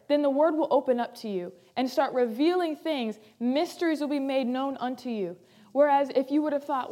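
A woman pastor preaching a sermon with emphasis, repeating key phrases and moving between loud and soft delivery. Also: high voice, moderate pace.

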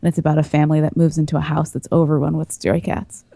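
Woman, 30s, podcast guest; low-pitched, mellow, dry close sound, chatty with fillers. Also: level tone, fast talker, gravelly, no room sound. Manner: chatty, laughs easily, trails into fillers. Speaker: podcast guest, coffee importer. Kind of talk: casual chat.

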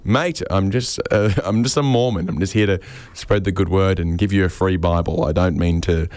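A man's voice: sits low, normal speed, darkish tone, no echo. A man voicing an apologetic young Mormon missionary, in a placating, reassuring tone.

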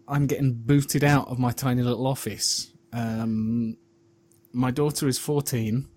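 A middle-aged man and father talking casually on a podcast, halting and wry. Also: mid-range voice, a little mellow. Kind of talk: casual chat.

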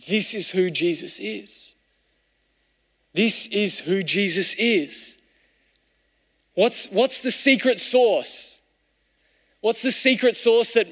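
A male pastor preaches with a fairly high voice in a conversational tone, often pushing a point up loudly and then dropping it to a near hush. His words ring out in a large hall with a long reverb tail. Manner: conversational, shifting between raised emphasis and hushed reflection. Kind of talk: sermon.

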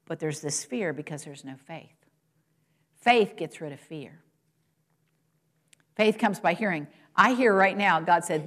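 A woman with a slightly low voice preaches a sermon to her congregation. She asks them rhetorical questions and moves between raised, high-pitched emphasis and quiet, low remarks. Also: lively intonation, unhurried, long pauses. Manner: rises in pitch and volume for quoted lines and exclamations, drops low and soft at points.

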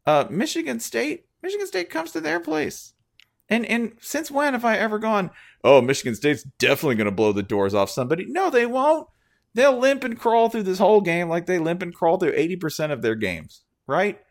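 A man co-hosting a casual sports podcast, joking and animated, his voice jumping up when excited. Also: very high-pitched, moderate pace, gravelly. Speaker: podcast co-host.

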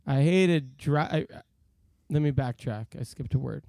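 A man's voice: mid-range voice, a little slow, gravelly, dark tone, no echo. A man co-hosting a casual podcast, reading listener emails aloud and joking around. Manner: reads listener emails aloud, jokey, slips into silly voices. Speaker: podcast co-host.

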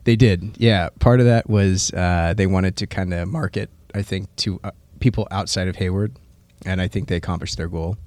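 Deep-voiced guy in his 30s rambling earnestly on a podcast, lots of ums, dead dry studio sound. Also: fairly even intonation, normal speed, darkish tone, no room sound. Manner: rambling and earnest, with fillers and a ready laugh. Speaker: podcast guest, firefighter. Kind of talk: casual interview chat.

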